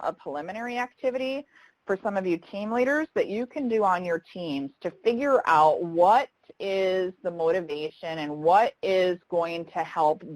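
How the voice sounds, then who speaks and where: Woman, trainer, live online session, low-pitched, dry close sound, conversational, reads comments aloud. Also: no echo, rough recording.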